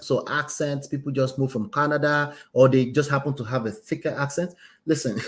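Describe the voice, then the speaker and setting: A man, a relationship coach commenting on a story he reads aloud, speaking emphatically and ending many points with "right?". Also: a little high. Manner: emphatic, tags lines with "right?".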